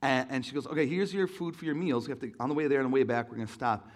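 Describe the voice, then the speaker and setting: A young man preaching a sermon in an auditorium, telling stories in an animated way and acting out voices. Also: mid-range voice, rapid-fire. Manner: animated storytelling, acts out voices, laughs along. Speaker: pastor.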